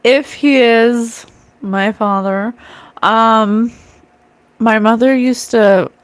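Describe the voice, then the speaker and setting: A woman's voice: a little high, steady tone, drawn-out words, clear, resonant tone, no room sound. A middle-aged woman doing a live psychic card reading, talking earnestly and emotionally to her viewers. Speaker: psychic medium streamer. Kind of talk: live-stream card reading, casual talk.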